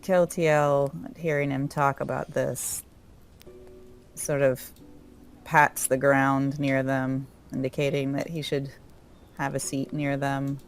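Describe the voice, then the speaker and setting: Female player, narration, very low voice, gravelly. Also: flat delivery, slow, soft background music. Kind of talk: describing her character's actions.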